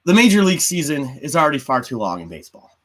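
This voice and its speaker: A man hosting a casual debate show, lively and jokey, often talking over the others. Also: a little high, quick pace, rough recording. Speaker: host.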